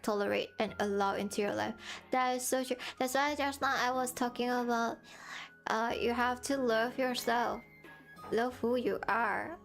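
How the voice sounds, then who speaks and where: Woman streamer with a sore throat, slightly high. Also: creaky. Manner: earnest and encouraging, halting non-native English phrasing. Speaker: VTuber streamer. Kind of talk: casual live-stream chat with encouraging advice.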